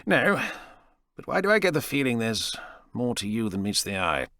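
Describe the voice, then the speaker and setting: A man's voice: mid-range voice, big pitch swings, normal speed, bright, forceful tone, no room sound, studio quality, voice pushed up. A man voicing a wary, sardonic squadron leader in his thirties, his voice raised and strained above his own. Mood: suspicious.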